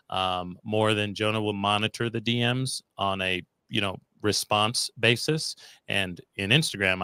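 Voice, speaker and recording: A man's voice: fairly low pitch, bright, forceful tone, clear, resonant tone, no echo, clean studio sound. A man hosting a livestream in a casual, playful chat, full of joking asides. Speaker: host of a livestream show.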